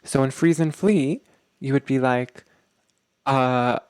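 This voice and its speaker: A young adult man hosting a podcast, explaining ideas to listeners in an animated way and acting out quoted arguments with loose filler words. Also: medium pitch, measured pace, dry recording. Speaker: podcast host.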